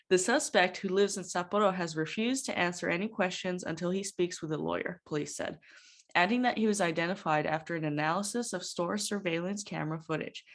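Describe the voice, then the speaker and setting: A woman co-hosting a podcast, reading news items in a steady voice. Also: fairly low pitch. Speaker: podcast co-host.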